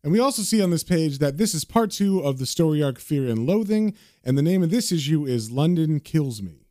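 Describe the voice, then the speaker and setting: A man narrating a comic book aloud in a casual way. His voice sits a bit high and moves around a lot. The sound is close and dry, with no room echo. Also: animated, fairly quick, warm tone.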